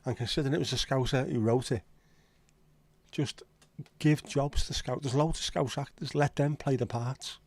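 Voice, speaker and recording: A man's voice: mid-range voice, moderate pace, a little mellow, no echo. A man with a Liverpool accent hosting a casual livestream chat, rambling and opinionated with frequent swearing. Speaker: livestream host.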